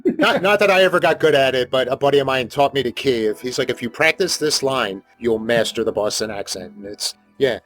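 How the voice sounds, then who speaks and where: A man's voice: mid-range voice, animated, a little fast, fairly bright tone, faint music behind. A man hosting a podcast, chatting casually with dry joking asides. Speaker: podcast host.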